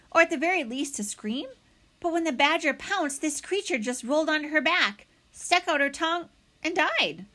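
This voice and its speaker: A woman reading a children's novel aloud as narrator, with expressive storytelling. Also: high-pitched.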